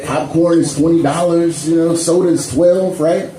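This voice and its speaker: A man's voice: a little high, fairly even intonation, normal speed, warm tone. A man doing a stand-up set with crowd work, loose and conversational, tagging lines with "you know" and "man". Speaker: stand-up comedian. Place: comedy club stage. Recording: echoey club room, faint ambience.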